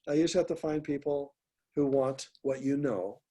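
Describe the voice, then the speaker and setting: A man's voice: mid-range voice, normal speed, mellow. A man hosting a group call, coaching listeners in a direct, encouraging way and often repeating himself. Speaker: host, business coach.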